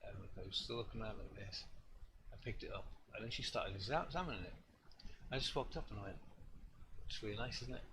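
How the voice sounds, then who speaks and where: A man's voice: on the low side, lively intonation, quick pace. A man, an artist hosting a live stream, telling a story in a rambling, self-deprecating way with lots of restarts. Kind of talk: casual storytelling chat. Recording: noisy room ambience.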